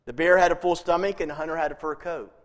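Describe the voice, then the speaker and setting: High-voiced male pastor in a reverberant hall. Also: fairly even intonation, fast. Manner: chatty, chuckles at his own jokes. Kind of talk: sermon.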